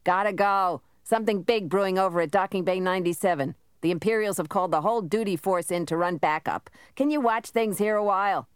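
A woman voicing a hurried shouting guard. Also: mid-range voice, clear, resonant tone, dry recording, clean studio sound, voice pushed up, lightly acted. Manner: loud, rushed calling. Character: brisk young male guard in a hurry. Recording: noisy recording.

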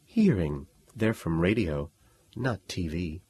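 A commanding woman of science in a story, speaking low, husky and soft with quiet authority, as a male narrator puts her on. Her voice is dry and breathy, with a lilting rise and fall. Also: animated, takes it slowly, no room sound, exaggerated voice. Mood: knowing.

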